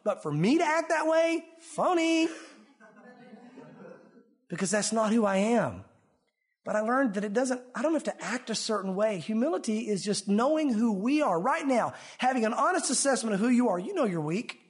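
A male pastor preaching a sermon in an animated way, swinging between emphatic and hushed delivery. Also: high voice, brisk, breathy edge.

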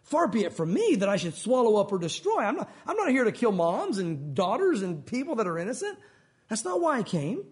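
A blunt, defensive army commander, as a preacher acts him out. He speaks plainly in a fairly high voice, brushing off blame. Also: huge pitch swings, fairly quick.

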